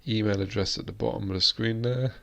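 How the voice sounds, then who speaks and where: Rambling British man, low voice. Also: steady tone, fast talker, gravelly, pushed and bright. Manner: rambling, chatty, full of fillers and restarts. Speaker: host. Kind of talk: live-stream chat.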